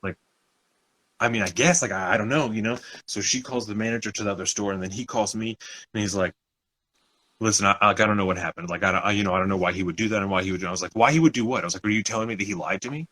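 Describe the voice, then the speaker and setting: A man's voice: fairly low pitch, fairly even intonation, very fast, sharp tone, rough recording. A young man co-hosting a podcast, telling a story in casual chat, acting out other people's lines and swearing often. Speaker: podcast co-host.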